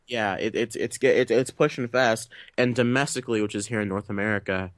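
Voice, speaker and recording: A young male podcast host chatting about movies, his low voice recorded dry and close. He rambles, restarts sentences and drops jokey asides. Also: steady tone, fairly quick, no room sound. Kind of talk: casual chat.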